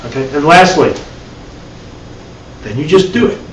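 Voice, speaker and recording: A man's voice: fairly high pitch, expressive, a little slow. A man teaching a live spiritual class, talking conversationally with repeated words and wry asides. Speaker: meditation teacher. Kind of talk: live dharma class talk. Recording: echoey room, distant mic, faint hiss.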